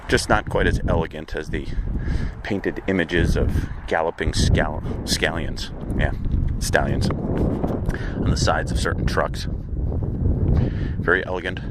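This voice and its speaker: A man hosting a comedic audio journal, rambling in a halting, apologetic way with frequent stammers and restarts. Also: rumbling low, heavy background noise. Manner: apologetic, halting, stammering, with sudden sung outbursts. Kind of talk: rambling deadpan comedic monologue.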